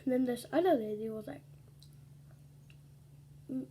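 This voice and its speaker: A woman's voice: fairly high pitch, moderate pace, warm tone, a little hiss or hum. A woman casually telling a rambling story between bites in an eating ASMR video, dropping into whispered asides. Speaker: ASMR vlogger.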